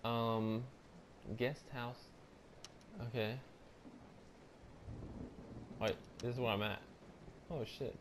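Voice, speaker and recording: A man giving jumpy, profane let's play commentary, breaking into loud frightened outbursts. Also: fairly low pitch, a little hiss or hum. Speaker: gamer.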